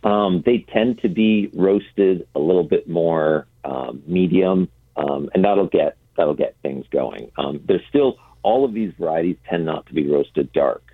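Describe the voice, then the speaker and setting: A man's voice: low voice, a little slow, husky, dry recording. A man on a phone line, a coffee roaster being interviewed as a radio guest, explaining at length with frequent ums. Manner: explanatory, hesitant with many ums. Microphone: telephone.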